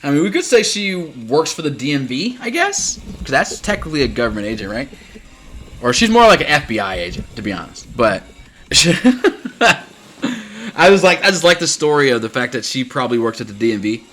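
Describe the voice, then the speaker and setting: A man's voice: medium pitch, sing-song, a little fast, sharp tone. A man casually commenting on a life-sim game while streaming, chatty and rambling, laughing often and answering viewers.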